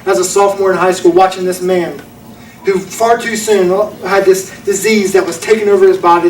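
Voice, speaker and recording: Young guy preaching, high voice, kinda far off in a roomy church, faint hum behind. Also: a little mellow. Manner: storytelling, earnest, folksy fillers. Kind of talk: sermon. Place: church auditorium. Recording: echoey room from a distance.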